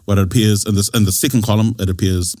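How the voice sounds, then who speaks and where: A man with a New Zealand accent teaching Māori pronunciation in a lively, coaxing way, often checking in with his students. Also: fairly low pitch, fast, no echo, studio quality. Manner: animated, laughing, coaxing, with frequent checks like "yeah?". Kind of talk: lively classroom explanation.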